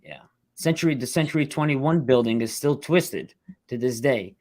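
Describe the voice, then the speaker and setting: A middle-aged man, a rescue worker telling his story in an interview, blunt and halting, fighting back tears. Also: mid-range voice, a little mellow, no echo. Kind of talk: emotional storytelling.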